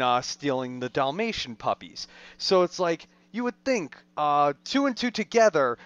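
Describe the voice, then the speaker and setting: A man's voice: on the high side, a bit bright, clean tone, no room sound, muffled recording. A man co-hosting a podcast, chatting casually about a film in a rambling way full of fillers. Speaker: podcast co-host.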